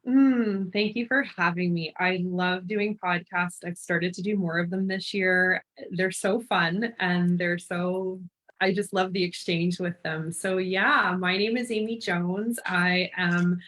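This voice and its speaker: A woman's voice: lowish voice, fairly even intonation, takes it slowly, a bit bright. A woman in her thirties from Canada, a life and business mentor speaking as a guest in a podcast interview, earnest and heartfelt.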